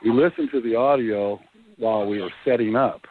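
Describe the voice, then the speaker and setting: A man's voice: medium pitch, fairly quick, a little hiss or hum. Man telling ghost stories over a tinny phone line. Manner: animated, acts out quoted voices. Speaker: paranormal investigator guest. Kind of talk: casual phone interview storytelling.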